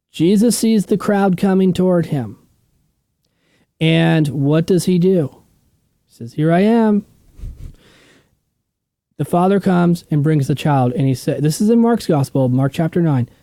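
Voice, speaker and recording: A man's voice: a little high, warm tone, dry recording. A man teaching a Bible study in a casual, emphatic, conversational way, often checking in with his listeners.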